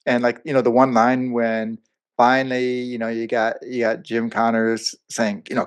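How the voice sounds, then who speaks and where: A man's voice: medium pitch, moderate pace, clear, resonant tone. A man co-hosting a movie review podcast, talking casually with lots of fillers and asides. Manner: rambling, animated, lots of fillers. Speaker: podcast co-host.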